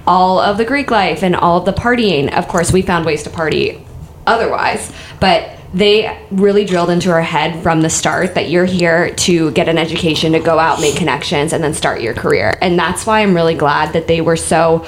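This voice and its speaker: A woman in her twenties talks casually with a friend, her voice sitting slightly low for a woman. She spins personal stories and jumps into a higher voice when quoting others. Faint background noise hums under the recording. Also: normal speed. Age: 20s. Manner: chatty storyteller, acts out quotes in a high voice. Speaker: co-host. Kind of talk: casual chat.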